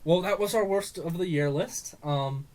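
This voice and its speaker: A man co-hosting a casual movie podcast, ranting in an animated way and swearing often. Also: on the high side, normal speed. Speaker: podcast co-host. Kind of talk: casual movie review chat.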